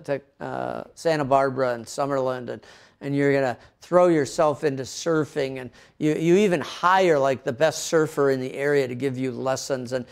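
A man's voice: mid-range voice, gravelly, darkish tone. A middle-aged man from the Midwestern United States, a pastor preaching a sermon and easing in with a casual story, often restarting his words. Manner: storytelling with frequent restarts and fillers. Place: home in a coastal town, recorded for online service.

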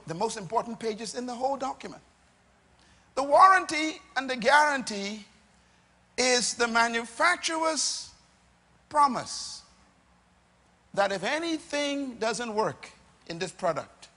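A middle-aged man preaching a sermon to a congregation, emphatic, with repeated lines and dramatic pauses. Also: high-pitched, bright, forceful tone. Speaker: pastor.

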